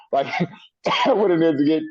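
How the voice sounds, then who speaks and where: A middle-aged man, a wrestler guest in an interview, telling animated stories and laughing often. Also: on the high side, husky, no room sound. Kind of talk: storytelling interview. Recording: dull lo-fi sound.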